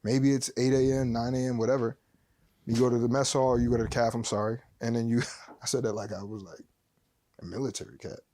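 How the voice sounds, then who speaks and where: Podcast guest, male, middle pitch, emphatic casual talker, dry sound. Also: fairly quick, dry recording. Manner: animated, emphatic, conversational with slang.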